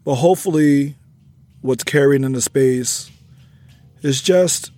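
A man's voice: mid-range voice, slow, pauses often, dark tone, soft background music. A middle-aged man hosting a podcast, telling a personal story in an earnest, reflective way that turns emotional. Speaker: podcast host, educator.

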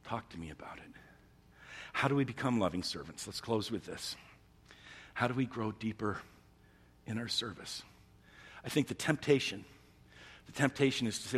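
Male pastor mid-sermon, husky voice, dynamic delivery, church reverb. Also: mid-range voice, a little fast. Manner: dynamic preaching, swinging from hushed and intimate to loud and emphatic.

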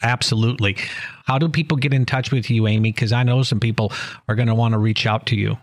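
A man hosting an interview, asking questions and responding with warm affirmations. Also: medium pitch, fairly even intonation, fast. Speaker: podcast host.

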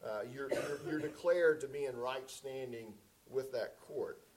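A man's voice: medium pitch, unhurried, crowd noise, low-quality recording. A man preaching a sermon as pastor in a conversational, folksy way with many fillers.

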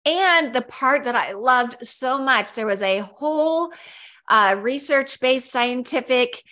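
A woman's voice: high voice, lively intonation, slow pace, pushed and bright. A woman co-hosting a casual podcast, talking in a chatty, upbeat way with frequent fillers and restarts. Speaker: podcast co-host.

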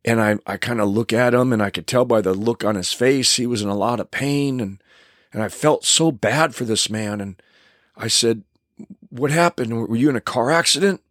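A man's voice: lowish voice, normal speed, fairly bright tone, no room sound, studio quality. An older man, a stuntman, telling a casual anecdote in a rambling way with many restarts.

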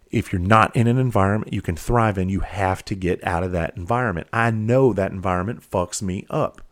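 Middle-aged male podcast host, low voice, dry close sound, blunt and cursing, confessional. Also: no echo. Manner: blunt, heavily profane, emphatic. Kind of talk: confessional monologue.

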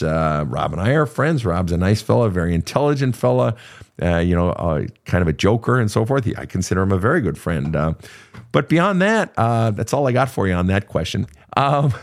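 Blunt, animated low-voiced male host. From Minnesota. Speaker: podcast host answering listener questions. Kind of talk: casual advice talk.

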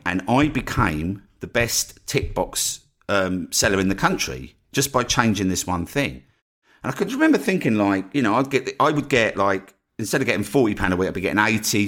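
A man hosting a podcast, telling a story in a chatty way and often checking in with the listener. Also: lowish voice. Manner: animated, chatty, keeps asking "right?". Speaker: podcast host.

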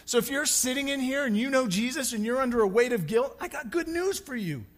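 A man preaching a sermon, moving from loud, urgent calls down to hushed, intimate lines. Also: very high-pitched, expressive, a little fast. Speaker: pastor. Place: church sanctuary.

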